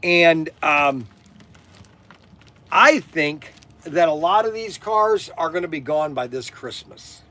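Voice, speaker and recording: A middle-aged man talks casually on a livestream from his shop. His voice sits high and bright, and he speaks loudly and slowly. He repeats himself often and drops an "okay" after nearly every point. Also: lively intonation. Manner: loud, repetitive, peppers talk with "okay". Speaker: toy shop owner hosting a livestream.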